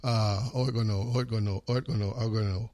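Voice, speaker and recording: A man with a Jamaican accent hosting a radio show, calling out greetings with repeated, animated shout-outs mixed with patois. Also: on the low side, quick pace, a little hiss or hum.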